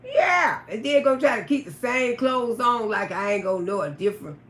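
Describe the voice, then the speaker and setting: A woman telling a raunchy story on a live stream, loud, profane and laughing often. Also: on the high side, lively intonation, normal speed, reverberant. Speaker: livestream storyteller.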